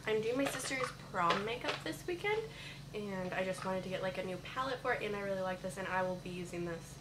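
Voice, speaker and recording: A young woman chatting casually to her viewers at home in a family vlog, switching between baby talk to her daughter and relaxed chat to the camera. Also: medium pitch, background noise. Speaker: family vlogger.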